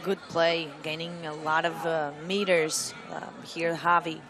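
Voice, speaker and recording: A woman's voice: low voice, level tone, measured pace, crowd noise. A woman co-commentating on a live football match, adding facts about players. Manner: backs up the lead with player facts.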